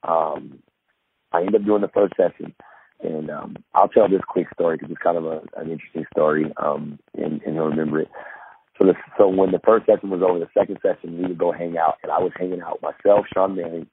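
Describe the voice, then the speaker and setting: A very deep-voiced man tells a long sports story, circling back and restarting, then acting out the lines of the people in it. His voice comes through a thin, phone-like line with a faint hiss behind it. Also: brisk, creaky. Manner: rambling and animated, full of restarts, acts out quotes. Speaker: guest, former pro basketball player. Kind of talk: storytelling in a podcast interview.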